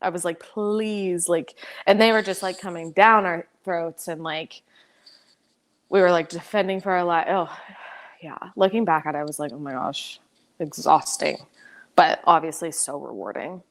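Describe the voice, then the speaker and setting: A young American woman in casual interview chat, talking fast with many "like" fillers and frequent laughs. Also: on the low side. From United States. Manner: chatty, lots of "like" fillers, laughs often. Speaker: podcast guest, pro soccer player.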